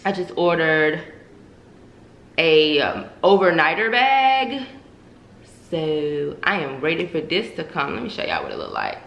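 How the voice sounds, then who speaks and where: Young woman YouTuber, frank profane chat to camera, bright tone, roomy echo. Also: low voice, huge pitch swings, a little slow, creaky, pauses often. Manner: candid, profane, addresses viewers as y'all. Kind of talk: casual vlog confession to viewers. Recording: echoey room.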